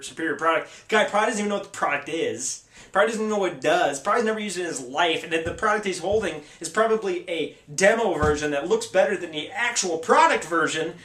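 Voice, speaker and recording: A man's voice: fairly high pitch, sharp tone, roomy sound, recorded from a distance. A man hosting a tech video, ranting casually with sarcasm and exasperation.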